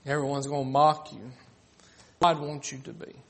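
A man's voice: mid-range voice, little pitch movement, moderate pace, gravelly. A man preaching a sermon, acting out the mocking voices of critics.

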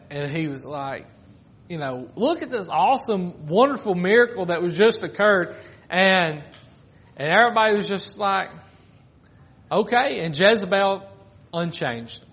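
A man preaching a sermon, moving between raised pleading lines and soft, slowed phrases, with casual asides. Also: fairly high pitch. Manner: swings from loud pleading to hushed, drawn-out phrases.

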